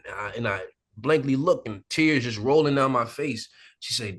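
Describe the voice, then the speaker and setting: A male actor as an interview guest, telling candid stories in a relaxed, animated way, often laughing and acting out the people he quotes. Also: mid-range voice, moderate pace. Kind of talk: candid conversational storytelling. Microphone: sit-down interview mic.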